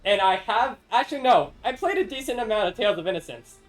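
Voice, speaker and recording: A man's voice: sits high, lively intonation, quick pace, soft background music, low-quality recording. A man streaming a game, chatting casually with a friend and laughing often between rambling asides. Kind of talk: casual gameplay chat.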